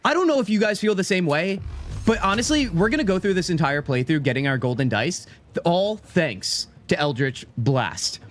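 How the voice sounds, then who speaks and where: A man commentating his gameplay on a live stream, bouncing all over a fairly high voice as he jokes with his chat. He keeps an easy, playful back-and-forth with viewers while playing, with soft music underneath. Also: lively intonation, normal speed. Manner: playful, chatty, talks straight to his chat. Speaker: game streamer.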